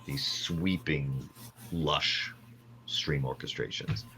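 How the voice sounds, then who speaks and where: A man's voice: rumbling low, takes it slowly, bright, forceful tone, faint music behind. A man, a podcast guest, chatting casually from his kitchen and rambling with lots of fillers and laughs. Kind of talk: casual chat. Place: home, talking from the kitchen. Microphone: table mic on a video call.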